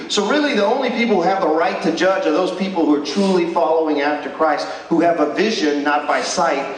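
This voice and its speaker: A man delivers a chapel sermon, pressing his points with rhetorical questions. His voice sits a little high and carries from a distance. Long reverb from the hall rings around every phrase. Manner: emphatic preaching with rhetorical questions. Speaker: chapel speaker. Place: school chapel. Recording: echoey hall, distant mic.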